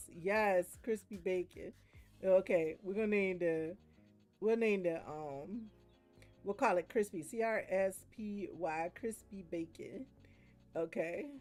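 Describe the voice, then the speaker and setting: A woman streaming a game while chatting casually, telling animated stories and breaking often into big laughs. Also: medium pitch. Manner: animated storytelling. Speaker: gaming streamer. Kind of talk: casual chat while gaming.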